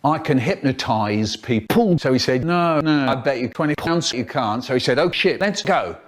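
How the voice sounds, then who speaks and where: A man's voice: medium pitch, lively intonation, moderate pace. A man, telling playful, exaggerated stories in edited clips. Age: 70s. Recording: remix with loud music bed.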